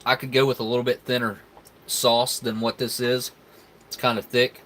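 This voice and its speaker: A man's voice: mid-range voice, level tone, normal speed, fairly bright tone. A man, hosting a casual live stream where he tastes food and chats with viewers in a laid-back, rambling way. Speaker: live stream host reviewing military rations.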